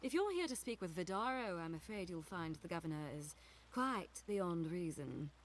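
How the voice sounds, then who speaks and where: A woman's voice: on the low side, lively intonation, normal speed, slight background noise, close to an everyday voice. A woman playing a stern military captain. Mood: cool. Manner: cool, clipped, disdainful.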